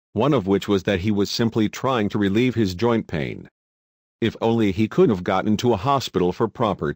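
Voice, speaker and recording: A man with a fairly low voice reads a countdown list as scripted voice-over. His delivery is dry and wry. The sound is close and dead, with no room around it. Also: darkish tone, no echo. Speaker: list narrator.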